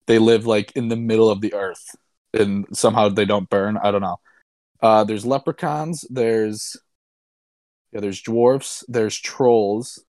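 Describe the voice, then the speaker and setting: A man's voice: on the low side, fairly even intonation, a little slow, darkish tone, no echo, clean studio sound. A young man casually and sarcastically recapping a movie he disliked, rambling and swearing as a podcast co-host. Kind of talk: casual chat.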